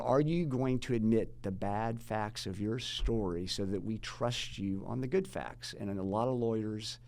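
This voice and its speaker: Middle-aged male consultant, lowish voice, methodical explainer. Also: vocal fry, a little mellow. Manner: methodical, rhetorical questions. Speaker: guest, jury consultant. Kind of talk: explanatory interview talk.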